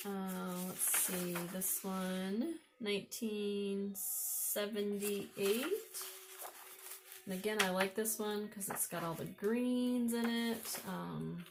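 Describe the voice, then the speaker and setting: A vlogger with an Upper Midwest American accent talks slowly in a medium-pitched voice with fairly even intonation, background noise audible. Chatting casually, she shows off vintage books found at thrift stores, thinking aloud as she admires the pictures.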